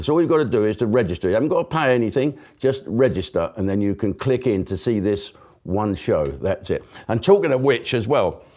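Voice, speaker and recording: A man's voice: fairly low pitch, darkish tone. A man hosting a live show, delivering a chatty, rambling comic monologue full of swearing and asides. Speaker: host. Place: broadcast studio.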